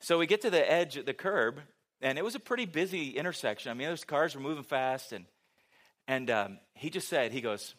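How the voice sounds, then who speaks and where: A man's voice: mid-range voice, expressive, brisk, a bit bright. A middle-aged man preaching a sermon, telling a story with humor and asking the audience questions.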